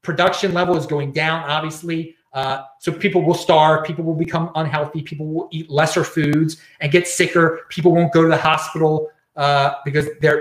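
A man's voice: fairly high pitch, fairly even intonation, moderate pace, hardly any pauses, reverberant. A man hosting his own show, ranting in casual commentary and often repeating and restarting words. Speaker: show host.

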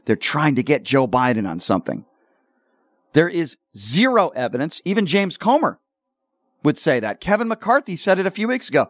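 A man hosting a political talk radio show, speaking combatively and slowing down to stress his points. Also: a little high, very animated, fairly bright tone, no echo. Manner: combative, slows down for emphasis.

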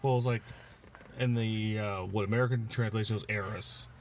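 A man's voice: lowish voice, fairly even intonation, a little fast, slight background noise. A man co-hosting a casual podcast, rambling with many fillers and restarts as he chats. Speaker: podcast co-host. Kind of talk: casual chat.

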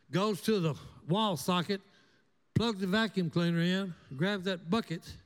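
A man's voice: high voice, in a large hall. Folksy older man telling tales. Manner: animated, drawling, acts out voices. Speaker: storyteller guest. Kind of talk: folksy storytelling.

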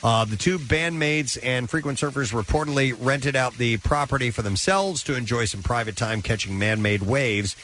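A radio host, a man, runs through entertainment headlines in an easy, mid-pitched voice. He keeps up a brisk newsreader pace, sprinkled with "uh"s and offhand asides, from a studio. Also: fairly bright tone, slight background noise. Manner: brisk newsreader delivery with filler "uh"s. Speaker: radio show host reading entertainment news. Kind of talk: morning radio news read with casual asides.

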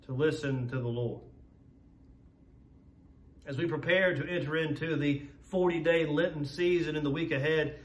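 A pastor giving a sermon in a high voice, earnest and measured, leaning on key words by slowing down. He sounds a bit far from the mic. The voice echoes around a roomy church. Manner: measured, earnest preaching with slowed emphasis. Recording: roomy echo, voice from a distance.

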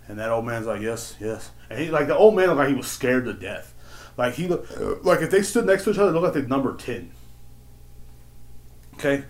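A man hosting a podcast, telling a story about a shop customer as a casual, profane and exasperated rant. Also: medium pitch. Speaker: podcast host.

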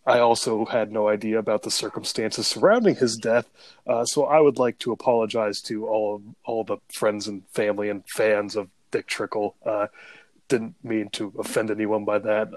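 A man's voice: lowish voice, flat delivery, normal speed, no echo. Joking man on a dry podcast mic. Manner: loose and joking, laughs through his bits. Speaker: sports betting podcast co-host. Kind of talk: casual podcast chat.

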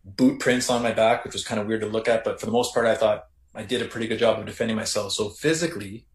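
Canadian man, reflective, low voice in roomy echo. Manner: reflective, halting with many restarts. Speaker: podcast guest, former correctional officer. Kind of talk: casual storytelling interview.

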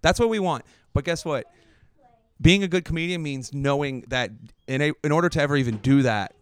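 A man's voice: on the high side, brisk, clean tone. A man who is a comedian, chatting casually on a podcast, thinking aloud in long winding sentences with fillers.

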